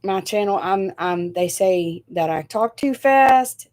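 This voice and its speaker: A woman's voice: mid-range voice, expressive, slow pace, a little mellow. A middle-aged woman from Indiana with a Southern Tennessee accent, chatting casually on a live stream, rambling and correcting herself as she goes. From northern Indiana, raised in Tennessee. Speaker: host of a live chat stream.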